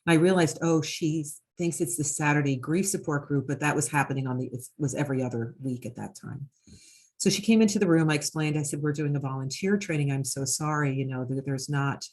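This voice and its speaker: Woman, hospice worker, low husky voice, earnest and reflective storyteller with lots of fillers. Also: darkish tone. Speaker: hospice worker and host of conversation. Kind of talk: storytelling in a conversation.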